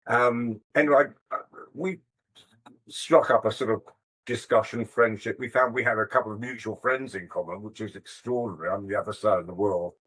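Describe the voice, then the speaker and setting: Older man telling stories, low and hesitant. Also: brisk, fairly bright tone, husky, low-quality recording. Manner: thoughtful, hesitant, self-deprecating. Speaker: interview guest, musician. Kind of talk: casual interview storytelling.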